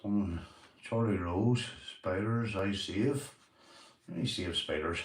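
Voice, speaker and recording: A man's voice: deep voice, takes it slowly, echoey room, distant mic, slight background noise. A Northern Irish man hosting a casual livestream, chatting to viewers and telling sweary stories. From Northern Ireland. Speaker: livestream host.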